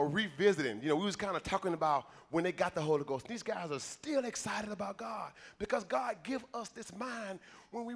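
High-voiced man preaching folksy sermon. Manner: conversational, folksy preaching with repetitions.

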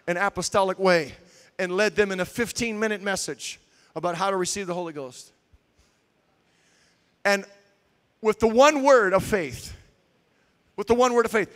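A man preaching a sermon, telling stories with swings between shouts and quiet asides. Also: sits high, clear, resonant tone. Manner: shouting, animated storytelling with swings from loud to quiet.

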